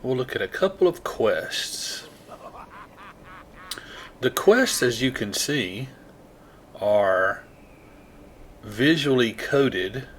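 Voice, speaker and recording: A man's voice: mid-range voice, expressive, very slow, pauses often, slight background noise. A man with a rural Southern American accent chatting casually and self-deprecatingly while he plays a game. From Southeast United States. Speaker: gaming video host.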